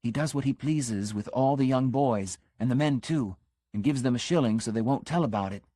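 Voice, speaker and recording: A man's voice: medium pitch, fairly quick, a little mellow, dry recording, clean studio sound, lightly acted. A man reading the part of an earnest, scandalized middle-aged country constable who delivers an urgent, conspiratorial warning. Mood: hushed scandal. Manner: urgent, conspiratorial warning, drops to a stage whisper. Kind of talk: audiobook character reading.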